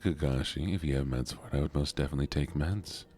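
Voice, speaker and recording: A tired, soft-spoken man streaming from home, chatting in a groggy morning voice with drifting pauses. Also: extremely low pitch, faint music behind.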